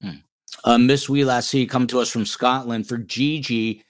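A man's voice: mid-range voice, fairly even intonation, normal speed. A man from New Jersey hosting a true-crime podcast in casual chat, reading out viewer comments. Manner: chatty, reads out viewer comments. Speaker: podcast host.

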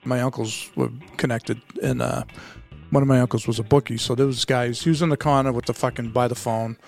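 A man's voice: mid-range voice, steady tone, fairly quick, gravelly, a little mellow, faint music behind. A man, co-hosting a podcast, recalling his childhood in casual, profane chat. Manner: reminiscing, laughing along, profane. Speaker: podcast co-host.

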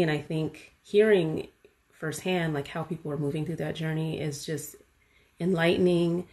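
A woman hosting a podcast, talking casually and with animated enthusiasm, full of fillers like "you know" and "like". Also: low-pitched. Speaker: podcast host. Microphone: podcast mic.

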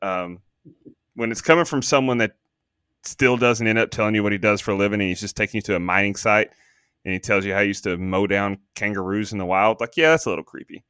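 A man's voice: lowish voice, a bit bright, smooth, dry recording, clean studio sound. A man casually chatting about a movie on a podcast, joking, rambling and swearing freely. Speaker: podcast co-host. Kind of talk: casual movie review chat.

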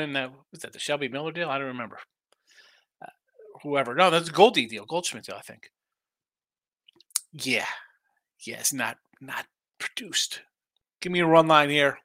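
A man's voice: fairly high pitch, bright, forceful tone, no echo. A middle-aged man hosting a live sports betting show, rambling through his picks and trash-talking teams.

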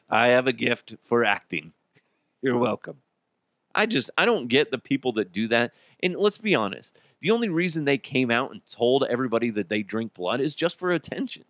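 A man rants on his own comedy podcast, his pitch leaping up and down as he goes. He swears freely and keeps breaking into laughter. The sound is dry and close, with no room echo. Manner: profane, animated, laughs often. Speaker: podcast host. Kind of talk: comedic solo commentary.

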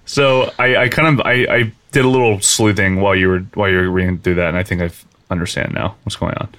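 A man talking in a casual way, with quick short reactions as a co-host. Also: low voice, steady tone, fairly bright tone, no echo. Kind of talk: casual chat.

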